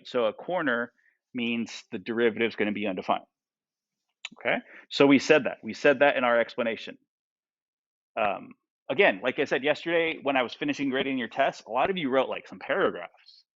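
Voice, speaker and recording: A man's voice: medium pitch, a bit bright, no room sound, highs cut off. A male math teacher lecturing a class. He asks the students lots of questions and keeps checking in with "right?" and "okay?".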